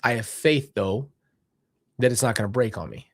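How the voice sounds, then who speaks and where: A man's voice: mid-range voice, normal speed, no room sound, clean studio sound. A young man talking earnestly and rambling about faith, seated indoors as a podcast host, often correcting himself mid-thought. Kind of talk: reflective faith talk.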